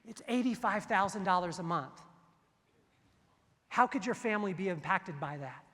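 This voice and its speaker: A man giving a motivational keynote speech, telling stories in an animated way and acting out the dialogue. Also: high voice, normal speed, long reverb tail. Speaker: keynote speaker. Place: large event hall.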